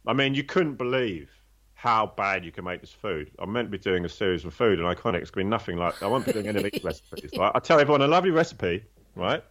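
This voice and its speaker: A man's voice: fairly low pitch, quick pace, fairly bright tone. A man telling his own story in a candid, conversational way, blunt and swearing freely, rambling with restarts.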